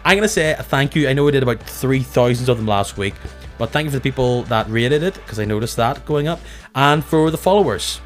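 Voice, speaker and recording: A man hosting a casual podcast, chatty and self-mocking with lively asides. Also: fairly low pitch. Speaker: podcast host.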